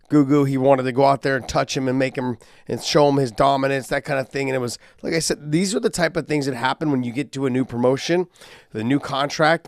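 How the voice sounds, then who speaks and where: A man's voice: medium pitch, dry recording. A man with a mid-range voice co-hosts a podcast in easygoing chat, working in filler words as he talks. The sound is dry and close. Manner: loose and conversational, with filler words. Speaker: podcast co-host. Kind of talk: casual chat.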